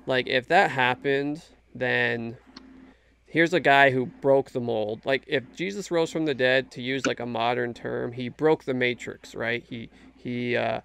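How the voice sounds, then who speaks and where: A man's voice: medium pitch, steady tone, measured pace, vocal fry, a bit bright, clear, resonant tone. A man talking casually and earnestly about his faith, emphatic and full of restarts. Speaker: Christian guest in a faith discussion. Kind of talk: casual conversation.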